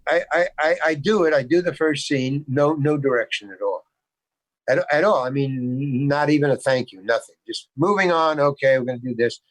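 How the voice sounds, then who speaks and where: Older american guy, kinda high voice, rambly, keeps restarting sentences, dry close sound. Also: expressive, normal speed, dry recording, poor audio. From United States. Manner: emphatic, rambling with many restarts. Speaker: guest actor. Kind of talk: casual storytelling interview. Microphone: video call.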